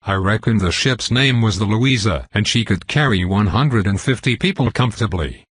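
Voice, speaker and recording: Grouchy older riverboat pilot with a Southern accent, folksy and rambling, a man reading him, low husky voice. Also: animated, normal speed, dry recording. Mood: boastful. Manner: rambling, folksy and self-important.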